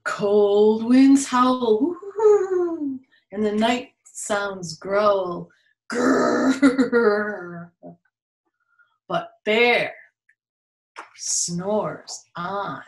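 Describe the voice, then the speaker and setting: A woman reading a children's picture book aloud at a very slow, patient pace. Her voice sits at a middle pitch. She plays up the animal sounds and turns to her young listeners, and the room has a noticeable echo. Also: steady tone. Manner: playful, adds animal sounds and asides to the listeners. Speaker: storytime reader. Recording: roomy echo.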